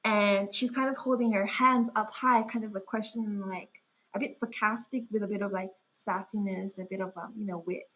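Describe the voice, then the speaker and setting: A woman's voice: medium pitch, fairly even intonation, moderate pace, a bit bright, low-quality recording. A young woman chatting as an interview guest, talking casually with lots of fillers. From Australia. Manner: chatty, full of "like" fillers and laughs. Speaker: guest artist.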